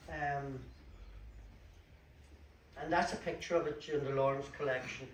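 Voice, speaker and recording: At a book launch in a community hall, a Donegal man with the local Irish accent speaks as a guest at a local history talk about the area's place names. Medium-pitched, steady, and measured, he's chatty and explanatory, dropping in dry asides. The recording is echoey, with a distant mic and faint room noise.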